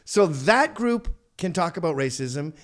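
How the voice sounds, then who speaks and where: A man in his fifties appears as a podcast guest, trading profane stories in relaxed conversation and dropping into quick character voices. His pitch runs fairly high and swings widely.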